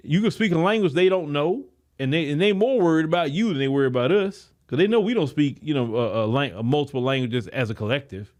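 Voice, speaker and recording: An American podcast host with an African American English accent and a fairly high voice delivers an opinion monologue. He speaks emphatically and with animation, often repeating words as he restarts his thoughts. His tone swings between raised exclamations and low, quiet asides. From United States.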